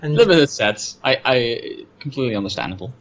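Male co-host, dry wry asides, animated intonation, muffled recording. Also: medium pitch, quick pace. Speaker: podcast co-host. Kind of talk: casual episode recap chat. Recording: slightly dull lo-fi mic.

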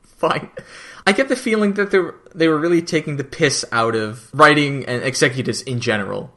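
A man in casual chat about a TV episode, joking and quoting lines in quick bursts. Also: a little high, animated, sharp tone. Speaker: podcast co-host.

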